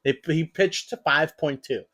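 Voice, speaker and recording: A man's voice: on the high side, unhurried, fairly bright tone, breathy edge. A man co-hosting a podcast in casual, swearing chat with a buddy, laughing often. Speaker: podcast co-host.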